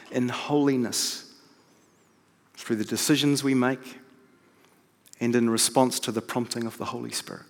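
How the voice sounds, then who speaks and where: A man preaching a sermon from the pulpit in a measured, deliberate way with pauses. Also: mid-range voice. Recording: long reverb of a large hall.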